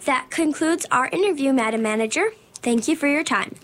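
A polite, earnest young woman voiced by a woman actor with a high voice, careful and a little nervous as she runs an interview. Faint music plays beneath this audio drama scene. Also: lively intonation, moderate pace.

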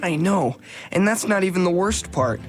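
A woman's voice: fairly low pitch, animated, normal speed, over music, natural voice. A woman voicing an earnest, loyal teenage boy in an audio drama. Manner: earnest and encouraging.

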